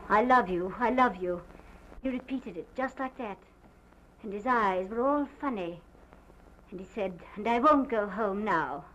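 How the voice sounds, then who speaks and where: An actress playing a distraught planter's wife who gives a halting, theatrical statement in an early sound film. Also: female voice, mid-range voice, close to an everyday voice. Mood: agitated. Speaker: witness giving a statement. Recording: muffled 1929 film sound with faint hiss.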